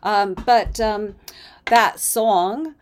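A woman's voice: medium pitch, fairly even intonation, drawn-out words, slight background noise. Female radio co-host, loose and chatty, mid-range voice. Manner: chatty, loose, with many fillers. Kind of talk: casual radio chat.

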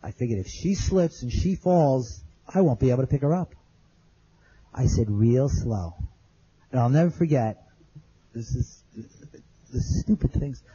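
Husky-voiced man telling his story. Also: medium pitch, measured pace, long pauses, dark tone, dull audio. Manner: earnest, plain storytelling with repeated phrases. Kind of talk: spoken testimony to an audience.

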